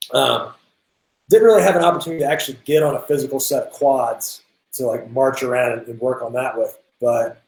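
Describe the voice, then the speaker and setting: A young man telling a drumming story in a casual interview, animated and quick to act out what others said, over a video call. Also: mid-range voice. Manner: animated, lots of restarts, quotes people in acted voices. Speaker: guest drummer. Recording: roomy echo.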